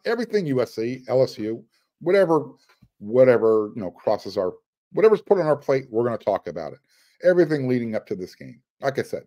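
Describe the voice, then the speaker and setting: A man hosting a sports podcast, talking casually and excitedly as he runs through lineups. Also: medium pitch. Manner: excited, rattles off names. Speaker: podcast host.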